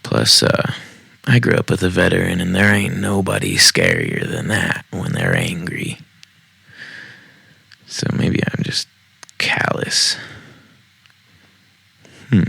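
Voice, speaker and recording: Low gravelly man reading stories. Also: lively intonation, slow, long pauses, bright, forceful tone, no room sound. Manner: wry, profane asides. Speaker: podcast host reading Reddit stories. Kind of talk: casual storytime reading. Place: home basement.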